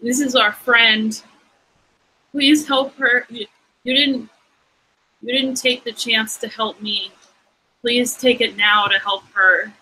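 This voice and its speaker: A woman plays an earnest young heroine who begs her aunt to help a friend. Her delivery is slow, drawn out and pleading, with a bright edge to the voice. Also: fairly high pitch, steady tone, slightly rough, exaggerated voice, rough recording.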